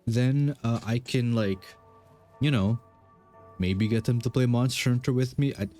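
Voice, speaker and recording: A man's voice: medium pitch, measured pace, mellow, faint music behind. A young man streaming a game, casually rambling through questions with lots of fillers and self-deprecating asides. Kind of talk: casual chat while gaming.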